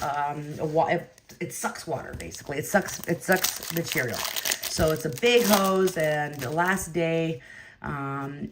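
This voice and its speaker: Low-pitched lady chatting away while ripping card packs, laughs a bunch, lots of crinkly noise in the background. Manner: chatty, laughs often, talks to viewers by name. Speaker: card break host. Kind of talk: casual chat while opening cards.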